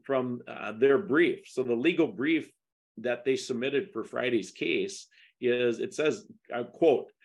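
Emphatic middle-aged man in interview. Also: mid-range voice. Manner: emphatic, rising to indignant questions. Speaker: podcast guest discussing a lawsuit. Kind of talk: casual interview talk.

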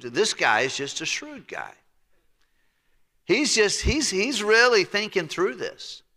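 A male pastor preaching in a folksy, storytelling way, moving freely through a wide pitch range. His voice is bright and slightly high. The sound carries the long reverb of a church hall. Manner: folksy storytelling, retelling scripture in plain talk. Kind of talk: sermon. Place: church sanctuary.

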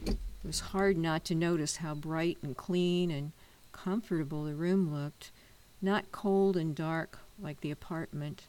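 A woman narrating a story in a calm, measured reading voice. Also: low voice, a little hiss or hum, poor audio.

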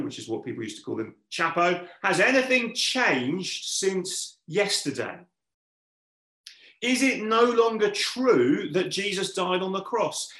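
Guy preaching a sermon, kinda high gravelly voice, earnest, lots of questions to the crowd, roomy echo. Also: fairly bright tone. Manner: earnest, poses rhetorical questions to listeners. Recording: echoey room.

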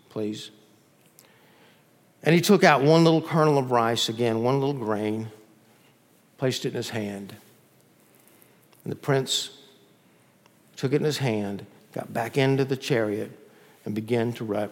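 Emphatic male pastor in a reverberant church. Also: a little high. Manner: emphatic, swings from loud peaks to soft drops. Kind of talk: sermon.

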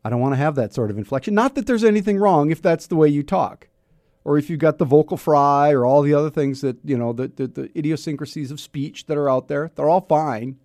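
Chatty middle-aged radio host, mellow voice. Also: male voice, a little high, brisk, no room sound, studio quality. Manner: chatty, self-mocking, rambling with restarts. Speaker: radio talk show host. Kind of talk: casual radio talk. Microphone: studio mic.

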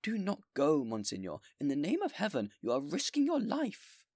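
A man's voice: sits high, huge pitch swings, unhurried, creaky, warm tone, slightly rough, no echo, studio quality, voice pushed up, exaggerated voice. A man voicing a fearful, frantic town mayor who pleads in alarm. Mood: anxious pleading.

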